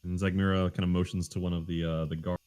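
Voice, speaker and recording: A man with a deep voice runs a tabletop game as game master. He explains rules and scenes in a halting way, full of fillers. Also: flat delivery, darkish tone, smooth.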